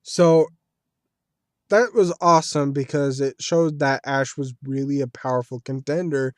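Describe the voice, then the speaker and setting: A man's voice: mid-range voice, steady tone, a little slow, no echo, clean studio sound. A man giving casual solo commentary as a video creator, talking in a chatty, rambling way like a fan. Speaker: video creator reviewing an anime series.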